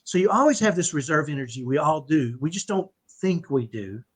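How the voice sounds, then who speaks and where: Animated husky man telling a story. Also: fairly high pitch, a little fast. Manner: animated, repeats "right?" often. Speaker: podcast guest, autism dad. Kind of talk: conversational storytelling.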